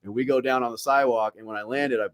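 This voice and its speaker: A man's voice: medium pitch, very fast, smooth, no echo, clean studio sound. A young man on a podcast, telling a profane anecdote in casual chat and acting out what other people said. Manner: profane, animated anecdote-telling with acted-out quotes. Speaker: podcast co-host.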